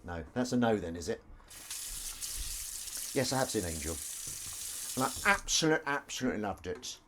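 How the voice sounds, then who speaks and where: A man's voice: lowish voice, big pitch swings, normal speed, background noise. Rambling man chatting while washing up. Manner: rambling, self-deprecating, talks to his cat and chat. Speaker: livestream host. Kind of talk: casual live-stream chat while washing up. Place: home kitchen.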